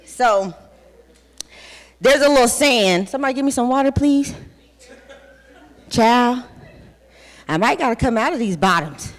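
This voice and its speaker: A woman, giving a loud, rowdy motivational talk on a conference stage, cussing and hyping the crowd. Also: on the high side, expressive, unhurried, pauses often. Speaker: conference speaker. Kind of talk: hype-style motivational talk. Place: large conference hall with music playing. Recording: hall reverb, from a stage mic.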